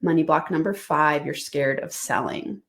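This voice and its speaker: A woman's voice: low voice, moderate pace, gravelly, a bit bright. A woman hosting her own business podcast, coaching listeners in an enthusiastic, conversational and emphatic way. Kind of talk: solo podcast teaching.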